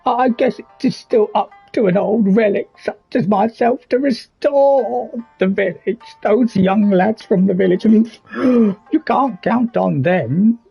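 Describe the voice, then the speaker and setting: Mężczyzna udający piskliwego, starego dziadka ze wsi. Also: male voice, sits high, takes it slowly, creaky, husky, highs cut off, soft background music, pitched above the performer's own voice, heavily acted. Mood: hopeful, worried. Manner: quavering, wheezy old-man voice. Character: aged frail male village elder, squeaky.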